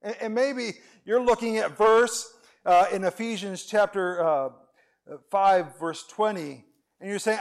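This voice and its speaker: Male preacher, high voice, unhurried, earnest and pleading, loud-to-hushed swings. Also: gravelly. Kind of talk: sermon.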